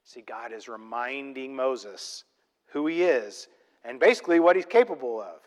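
A man preaching a sermon, emphatic and full of rhetorical questions, swinging between loud and soft. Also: mid-range voice, lively intonation, normal speed, in a large hall. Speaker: pastor.

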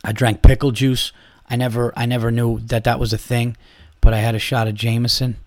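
A man hosting a podcast, telling stories in a casual, animated way, acting out quotes and swearing freely. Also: medium pitch, a little fast, dry recording. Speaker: podcast host. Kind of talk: casual chat.

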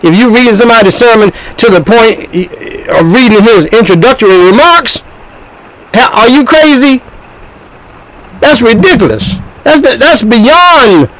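A man preaching a sermon in an emphatic, animated way, often repeating himself. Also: very high voice, a little slow, rough recording.

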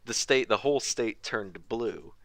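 A man's voice: medium pitch, animated, a little slow, fairly bright tone. A young man co-hosting a podcast, chatting casually and bluntly, swearing and laughing often. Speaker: podcast co-host.

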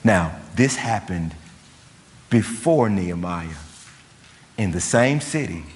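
A man preaching a sermon, retelling a scripture story in an animated, colloquial way full of slang. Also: deep voice, slow pace, pauses often. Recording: long hall reverb.

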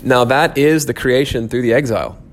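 A man's voice: mid-range voice, moderate pace, a little hiss or hum. A man teaching a church class, thinking aloud with frequent restarts and fillers.

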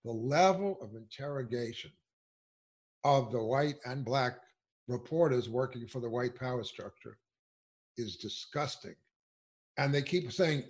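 A man's voice: mid-range voice, unhurried, pauses often. A man giving impassioned political commentary, emphatic and indignant, firing off rhetorical questions. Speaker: political speaker.

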